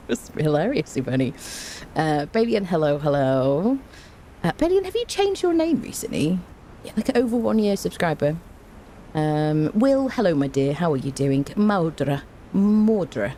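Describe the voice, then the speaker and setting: A woman's voice: low-pitched, warm tone, slight background noise. A woman streaming a game, chatting casually and greeting her viewers by name, laughing often. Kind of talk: casual livestream chat.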